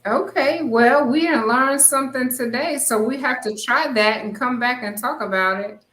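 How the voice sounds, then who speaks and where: A woman's voice: high-pitched, moderate pace, fairly bright tone, reverberant, a little hiss or hum, poor audio. A woman hosting a casual live stream, chatting and reading viewer comments aloud. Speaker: host.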